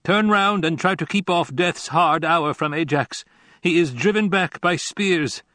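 A man's voice: on the high side, measured pace, pushed and bright, no room sound, pitched above the performer's own voice. A man voicing a wounded male warrior who calls his comrades to hold the line, in urgent, raised calls.

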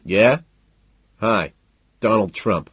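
A man's voice: lowish voice, animated, moderate pace, slightly rough, no room sound, muffled recording. A man voicing a sarcastic, stubborn male limo driver with a smug, mocking manner.

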